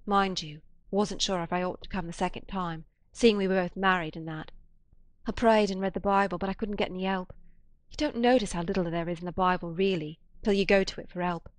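A woman's voice: lowish voice, steady tone, fairly quick, dry recording, lightly acted. A woman reading the part of a working-class woman who pleads with plain, emotional words, close to her own reading voice. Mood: pleading.

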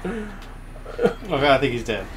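A man's voice: medium pitch, very animated, slow, a bit bright. A man co-hosting a let's play, giving short, dry gameplay tips in casual commentary.

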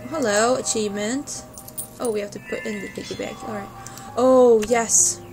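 A woman's voice: on the high side, fairly even intonation, moderate pace, vocal fry, a little mellow. A woman hosting a gaming video, chatting playfully and exclaiming at objects she finds, over game music. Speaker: let's play host. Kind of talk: gaming commentary.

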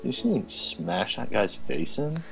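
A man's voice: lowish voice, big pitch swings, takes it slowly, creaky, faint music behind, poor audio. A man co-hosting a gameplay video, laid-back, answering in short remarks. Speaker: co-host, gamer. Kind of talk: casual gameplay chat.

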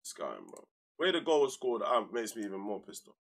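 A man's voice: lowish voice, wildly swooping pitch, brisk, vocal fry. A young man, casually commentating his football manager game on a live stream, full of slang, flaring into heated outbursts and then dropping to mutters.

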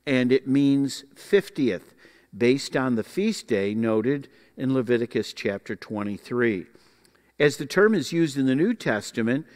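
A man's voice: medium pitch, big-room sound. Folksy man teaching a Bible class. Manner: folksy, explanatory, with frequent uh fillers.

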